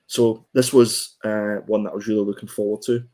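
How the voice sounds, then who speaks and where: A man's voice: lowish voice, little pitch movement, fairly quick, a little mellow. A man co-hosting a comic book review podcast, chatting casually and hesitantly with many ums and restarts.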